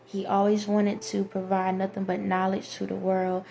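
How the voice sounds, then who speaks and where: Woman, flat delivery, rambling earnest vlog monologue, faint background noise. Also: medium pitch, normal speed, vocal fry. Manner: earnest, rambling, addresses viewers directly. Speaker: vlogger. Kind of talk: spiritual monologue to viewers.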